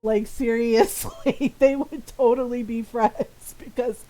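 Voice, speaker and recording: Woman streamer with a high voice; animated, casual storyteller who laughs often. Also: takes it slowly.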